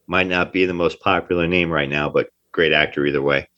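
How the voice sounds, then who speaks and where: A man's voice: sits low, steady tone, brisk, pushed and bright. A man from New Jersey, an actor being interviewed, talking emphatically and often repeating himself. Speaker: actor guest. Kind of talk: casual interview talk. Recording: dull lo-fi sound.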